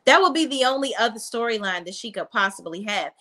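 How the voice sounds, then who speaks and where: Woman, reality show recap, blunt and sassy, bright forceful voice, chatty. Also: fairly high pitch, expressive, quick pace. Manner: blunt, sassy, talks straight to viewers. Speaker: reality TV reviewer. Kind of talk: casual recap commentary.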